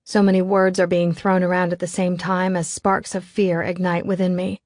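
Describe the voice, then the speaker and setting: A woman's voice: lowish voice, flat delivery, normal speed, a little mellow, no room sound, clean studio sound. A woman reading a novel aloud in scripted first-person narration, in a tense, controlled way. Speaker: audiobook narrator.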